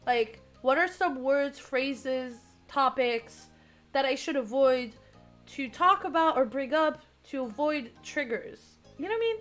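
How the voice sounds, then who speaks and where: A high-voiced young woman reads a dating game aloud to her stream, giggly and quick to get excited. Her voice sounds strained and starts to crack from so much reading. Soft music plays faintly underneath. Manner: giggly, excitable, chats with viewers.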